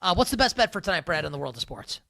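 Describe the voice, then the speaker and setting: A man hosts a live sports betting show in a loose, joking way, often restarting his sentences. His voice is bright and bouncy and swings widely in pitch. The sound is dry and close, with no room echo. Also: very animated, racing, vocal fry. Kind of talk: casual live show chat.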